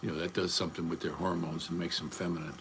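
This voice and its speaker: A man's voice: sits low, flat delivery, fast, noisy background. An older man chatting casually on a livestream, rambling from topic to topic in a blunt, profane way. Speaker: livestream host.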